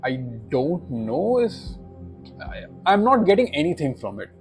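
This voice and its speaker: A man's voice: very animated, a little slow, vocal fry. Skeptical man with faint music. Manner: skeptical and critical, with frequent hesitations and self-corrections; sudden jumps up in pitch on ironic remarks. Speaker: YouTube host reviewing tabletop RPG products. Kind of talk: casual opinionated commentary.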